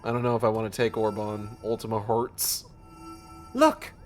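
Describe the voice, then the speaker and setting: A man's voice: on the low side, flat delivery, a little fast, a little mellow, faint music behind. A man streaming a game, making profane, jokey asides. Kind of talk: livestream gameplay commentary.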